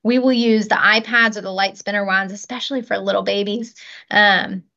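A woman's voice: medium pitch, steady tone, normal speed, gravelly, pushed and bright, muffled recording. A woman in her thirties, a child life specialist, explaining practical techniques step by step in an interview. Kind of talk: podcast interview.

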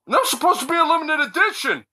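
A woman teases and pleads with her grandmother in casual comedic banter. Her voice is high and bright, carrying an eager, coaxing tone. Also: big pitch swings, very fast. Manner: pleading, teasing. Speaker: family member coaxing the grandmother.

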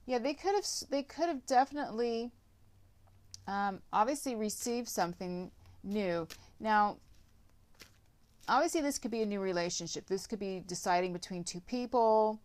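A woman's voice: medium pitch, normal speed. A woman giving a casual tarot reading, rambling with lots of filler words and some blunt swearing. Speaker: tarot reader.

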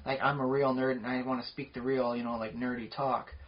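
A man's voice: medium pitch, level tone, a little fast. Rambling man on a muffled podcast. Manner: rambling, talkative, lots of fillers. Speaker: podcast co-host. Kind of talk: casual podcast chat. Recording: dull lo-fi podcast audio.

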